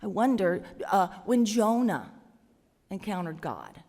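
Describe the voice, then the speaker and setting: A woman's voice: mid-range voice, very animated, slow pace, warm tone. A woman preaches in a conversational, musing way, taking her time. Her words linger in a long church reverb. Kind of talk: sermon.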